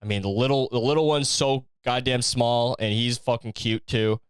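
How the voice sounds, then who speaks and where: A man's voice: mid-range voice, fairly even intonation, moderate pace, clear, resonant tone, no room sound, clean studio sound. A young man hosting a podcast alone, rambling in a profane, jokey monologue. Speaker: podcast host. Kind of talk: casual solo monologue.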